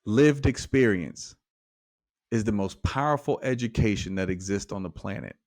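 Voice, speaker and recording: A man, a life coach guest on a podcast, telling a parable with lively acted-out dialogue. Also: on the low side, normal speed. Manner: animated storyteller acting out dialogue. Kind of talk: storytelling in conversation.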